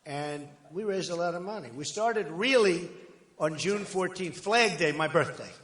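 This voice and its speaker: Background noise accompanies a high male voice delivering a campaign speech at a measured pace. The candidate is boastful and repetitive with rambling asides, and the large rally hall gives a long, echoey reverb.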